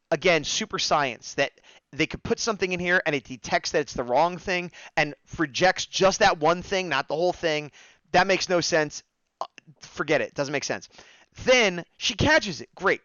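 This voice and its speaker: A man hosting a casual review chat, recapping scenes in an animated way and acting out the characters' lines. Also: a little high, moderate pace, dry recording, muffled recording. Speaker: podcast host reviewing episodes.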